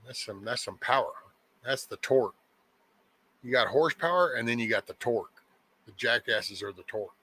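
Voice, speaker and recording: A man's voice: medium pitch, normal speed, pauses often, sharp tone, breathy edge. A man hosting a casual morning chat show who talks in a folksy, meandering, joking way. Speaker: host of a daily live show.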